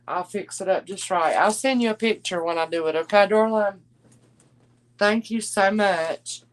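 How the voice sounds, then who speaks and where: A woman's voice: mid-range voice, normal speed, low-quality recording. A woman hosting a live jewelry auction stream, chatty and gushing, calling her viewers darling and y'all. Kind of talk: casual live-stream selling chat.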